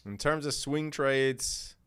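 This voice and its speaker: A man's voice: mid-range voice, slow pace, a bit bright, clean tone. A man hosting a live day trading stream, talking in a casual, slangy, laid-back way and laughing often. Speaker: day trading livestream host.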